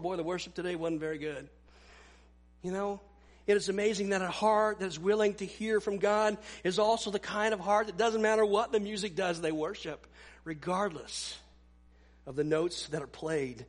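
Male pastor, high-pitched, emphatic sermon delivery with hushed asides.

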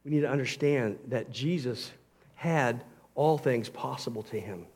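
A man preaching a sermon as pastor, earnest and emphatic, swinging between loud passages and quiet ones. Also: mid-range voice, measured pace, slightly rough.

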